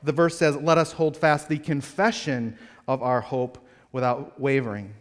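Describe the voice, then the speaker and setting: A man's voice: medium pitch, steady tone, unhurried. A man preaching a sermon as a pastor, earnest and putting direct questions to his congregation. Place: church sanctuary. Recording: long reverb of a church hall.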